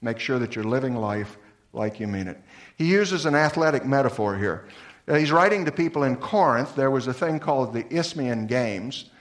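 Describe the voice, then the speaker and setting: Male pastor, mid pitch, earnest preaching voice that moves between lively emphasis and soft, low appeals. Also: moderate pace. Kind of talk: sermon.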